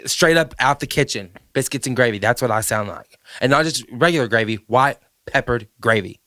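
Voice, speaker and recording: A man with a Southern US accent hosting a podcast, chatting in an animated, playful way with frequent laughter. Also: mid-range voice, a little fast, no echo. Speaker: podcast host. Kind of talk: casual chat.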